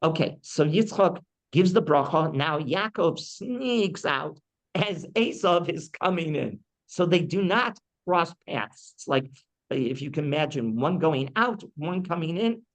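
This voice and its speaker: A man, a rabbi teaching a weekly Torah class, who asks his listeners many rhetorical questions and acts out the people in the text. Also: poor audio. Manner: acts out quoted speech with big pitch jumps. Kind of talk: Torah lesson.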